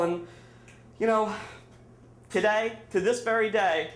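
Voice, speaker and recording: High-voiced man rambling through a story. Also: fairly even intonation, a little slow, pauses often. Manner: rambling and filler-heavy, self-mocking humor. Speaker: storyteller at a live story slam. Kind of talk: live personal storytelling. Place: bar hosting a live storytelling night. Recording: echoey room with faint ambience.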